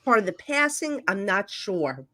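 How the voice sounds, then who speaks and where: A woman appearing as a guest psychic medium on a podcast, chatting casually with quick asides and trailing sentences. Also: medium pitch, big pitch swings, sharp tone. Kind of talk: casual chat.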